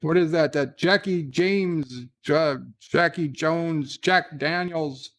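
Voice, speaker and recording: A man's voice: fairly high pitch, slow pace, a bit bright. A man voicing a boisterous Scottish man who swears by a whiskey-and-haggis cure for everything, with a put-on Scottish accent and a crude, rambling manner. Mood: blustery.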